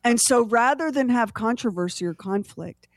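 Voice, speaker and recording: A woman's voice: on the high side, moderate pace, dry recording. A woman co-hosting a morning radio show, chatting and laughing often. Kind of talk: casual morning radio chat.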